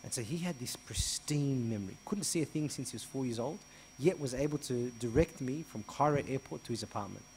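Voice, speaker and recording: A man, a priest answering an interview by telling a story, acting out the dialogue and getting louder as it heats up. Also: a little fast, hardly any pauses, a little hiss or hum. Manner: animated, re-enacts dialogue with rising pitch and volume.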